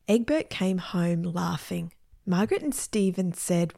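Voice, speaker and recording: A woman's voice: fairly low pitch, expressive, a little slow, gravelly, dark tone, faint music behind. A woman narrating a children's story in a playful way, shifting into voices for the characters.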